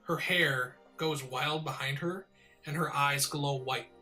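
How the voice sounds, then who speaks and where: Bright-voiced man narrating a tabletop game. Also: a little high, steady tone, slow. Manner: descriptive, storytelling narration. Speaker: game master. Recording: faint background music.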